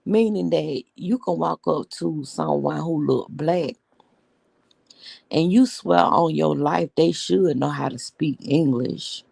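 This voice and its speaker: A woman's voice: deep voice, vocal fry, a little mellow, husky, dry recording. A woman hosting a casual live stream, telling stories bluntly and with profanity as she greets viewers.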